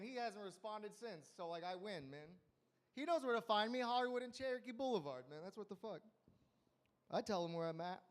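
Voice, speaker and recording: High-voiced young man doing crude stand-up. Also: a little fast. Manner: crude, rambling, deadpan punchlines. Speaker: stand-up comedian. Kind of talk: stand-up set at an open mic.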